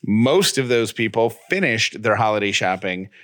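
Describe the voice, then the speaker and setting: Young guy goofing around on a home podcast, lowish voice, dead dry sound. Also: lively intonation, normal speed, fairly bright tone, no room sound. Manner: joking, playful bits. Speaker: podcast co-host. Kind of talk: casual chat.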